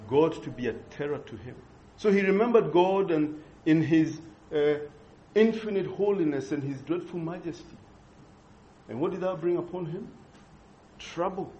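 A man preaching an expository sermon, earnest and measured, pausing and restarting as he thinks. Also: on the high side, dark tone, slight background noise. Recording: dull lo-fi recording.

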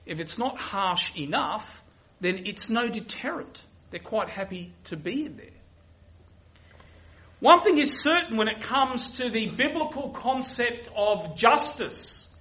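A man's voice: sits high, animated, a little slow, bright, forceful tone. A man preaching a sermon, emphatic and given to repeating his key phrases.

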